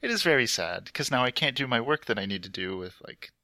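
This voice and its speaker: A young man with a medium-pitched, sharp voice talks fast with big pitch swings, recorded dry through a laptop headset mic. As a podcast co-host, he tells a rambling story in casual chat, saying "like" constantly.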